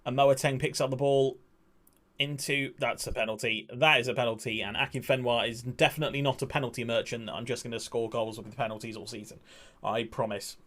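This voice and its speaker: A man in his twenties, rambling and excitable while commentating a football management game he is streaming, swearing now and then. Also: mid-range voice, fairly quick. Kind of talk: casual gaming commentary.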